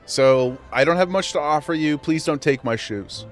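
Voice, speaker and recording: A man streaming a game, chatting casually with his viewers, playful and quick to laugh as he talks straight to chat. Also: on the high side, soft background music. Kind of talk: casual live-stream chat while gaming.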